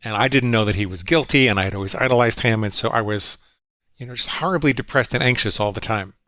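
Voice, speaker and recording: A man's voice: medium pitch, fast, pushed and bright, dry recording. A middle-aged man, a psychologist guest, telling his story in an earnest, reflective way. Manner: earnest, reflective, quotes his own inner voices. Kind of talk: storytelling conversation.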